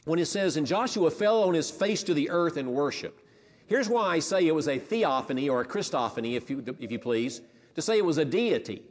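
A man's voice: on the high side, expressive, a little fast, long reverb tail. A pastor preaching a sermon in a conversational way, often restarting his phrases.

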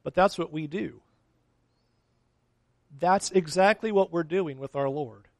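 A man's voice: fairly high pitch, a little slow, darkish tone, no echo. A man preaching a sermon as a pastor, acting out quotes of complaining people along the way.

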